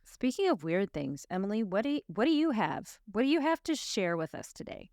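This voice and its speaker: A woman co-hosting a podcast in casual chat, encouraging and quick to back up her partner. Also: medium pitch, big pitch swings, darkish tone, no echo, clean studio sound. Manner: encouraging and supportive, quick to affirm. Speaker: podcast co-host.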